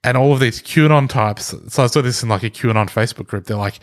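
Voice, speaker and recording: A man's voice: medium pitch, fast talker. A man telling a story on a podcast, sweary and incredulous. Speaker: podcast co-host. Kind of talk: casual chat.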